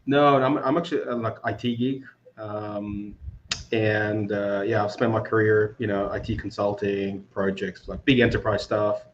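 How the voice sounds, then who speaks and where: A man in his forties, from Moldova, with an Australian accent, talking as a podcast guest in a relaxed, hesitant way with many fillers. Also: lowish voice, moderate pace, slight background noise. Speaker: podcast guest, business founder. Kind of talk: casual interview chat. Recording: dull lo-fi audio.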